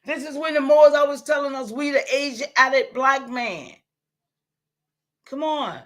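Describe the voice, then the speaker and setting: This livestream host has a high voice and a measured pace. She speaks directly to her viewers with emphasis and repetition, and if she gets heated she swears, then apologises.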